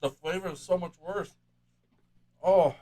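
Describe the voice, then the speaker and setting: A man's voice: mid-range voice, fairly quick. Guy hosting a chat show, keeps groaning and going oh my god. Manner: groaning and exclaiming. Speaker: podcast host. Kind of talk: casual chat.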